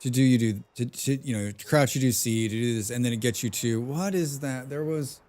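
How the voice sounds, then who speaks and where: A man's voice: medium pitch, brisk, darkish tone. A man streaming a video game, rambling and joking about himself as he plays. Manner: rambling, joking, self-deprecating. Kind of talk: casual gaming livestream commentary.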